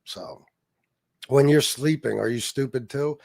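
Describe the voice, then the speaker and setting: A man's voice: medium pitch, a little slow, creaky, darkish tone, no room sound, studio quality. A man hosting a casual political livestream, reading chat comments aloud and answering them in a profane, mocking, sarcastic way. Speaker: livestream host.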